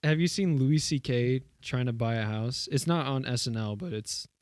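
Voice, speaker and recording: A man's voice: medium pitch, normal speed, a little mellow, dry recording, studio quality. A young man co-hosting a podcast, rambling through a casual story with lots of fillers and swearing. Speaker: podcast co-host. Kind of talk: casual chat.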